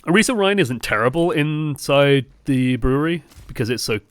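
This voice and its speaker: A young man coaching over gameplay footage, moving from calm breakdowns to exasperated outbursts and swearing bluntly. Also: mid-range voice, moderate pace, smooth. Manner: swings from calm analysis to exasperated shouting. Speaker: game coach. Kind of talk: live-streamed gameplay review commentary.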